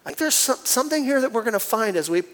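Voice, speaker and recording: A man preaching a sermon as pastor, animated and acting out scenes with shifting voices. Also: very high-pitched, quick pace, long reverb tail. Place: church sanctuary.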